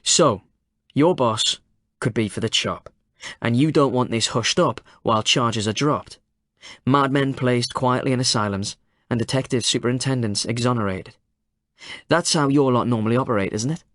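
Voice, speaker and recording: A man voicing a sharp, skeptical male journalist who probes in a sardonic way. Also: mid-range voice, normal speed, dry recording, clean studio sound, lightly acted. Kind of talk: audiobook character voice.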